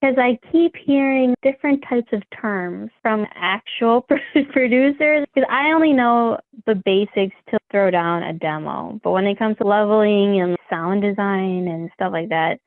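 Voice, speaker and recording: A woman in her thirties from Wisconsin, a singer-songwriter guest telling stories in casual interview chat, animated and laughing often. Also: mid-range voice, a little slow, few pauses, no room sound. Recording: tinny phone-like line.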